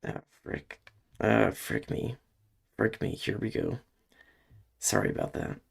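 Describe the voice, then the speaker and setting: Male gamer, casual commentary, low gravelly voice, emotional and self-conscious. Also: huge pitch swings, takes it slowly. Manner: emotional, self-conscious, mild swearing substitutes. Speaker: let's play gamer.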